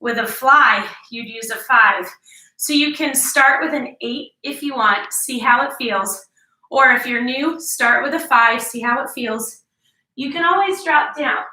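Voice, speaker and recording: Middle-aged woman fitness coach, high bright voice, winded, slow encouraging rep counts, echoey room, mic set back. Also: far from the mic. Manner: encouraging, counts reps, explains form. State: out of breath, sighing between sets. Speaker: fitness instructor. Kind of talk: workout instruction.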